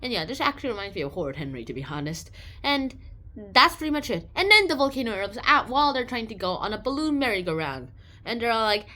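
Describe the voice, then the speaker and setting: A woman giving a casual, rambling book summary, animated and full of restarts. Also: medium pitch, fairly quick. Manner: animated, rambling, with many restarts and playful voices. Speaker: book reviewer.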